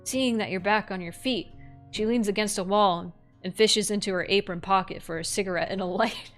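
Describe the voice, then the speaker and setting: A woman's voice: mid-range voice, fairly quick, fairly bright tone, faint music behind. A woman streamer reading a horror text game aloud, breaking off for wry, offhand comments.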